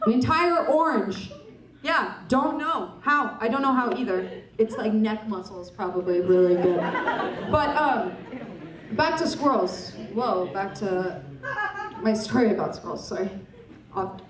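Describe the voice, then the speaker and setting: Against a crowd in the background, a young woman with a mid-range voice does stand-up in a club, speaking animatedly but a little slowly. Her set is rambling and self-deprecating, with audience chat, captured as roomy, distant club sound.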